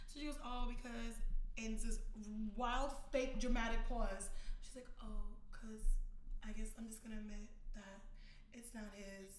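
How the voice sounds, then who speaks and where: At a normal speed and in a fairly high voice, a podcast co-host tells gossipy stories, acting out quotes and swearing plenty. The recording has an echoey room sound and a bit of hiss or hum, and the chat is casual and animated.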